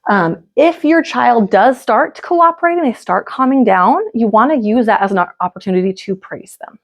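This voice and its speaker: A woman's voice: a little high, lively intonation, normal speed. A woman in her thirties, a parenting coach, giving a casual, chatty workshop talk full of "like" and "right?" asides.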